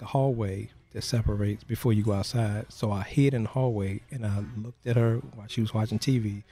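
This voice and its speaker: A man speaks as an interview guest, walking through a personal story in a low, mellow voice. He talks in a halting way, leaning on "you know" between phrases.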